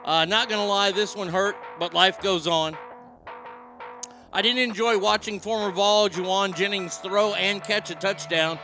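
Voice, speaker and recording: A man's voice: high-pitched, unhurried, music in the background. A man hosting a casual live chat, reading viewer comments aloud and swearing freely. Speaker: talk show host reading chat.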